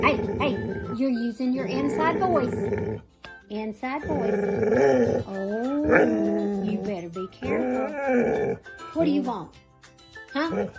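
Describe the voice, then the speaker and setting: A woman playfully giving commands and scolding her pet dog, in a home video. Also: sits high. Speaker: pet owner.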